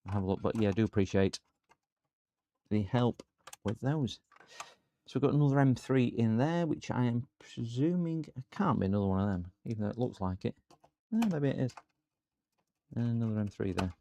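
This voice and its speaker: A man of middling pitch talks his viewers through a computer repair on a live stream, filling gaps with chat. His delivery is loose and rambling, with plenty of fillers as he works in his workshop. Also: expressive, fairly quick, long pauses, warm tone, a little hiss or hum. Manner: rambling, chatty, talks to viewers while working. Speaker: repair channel host.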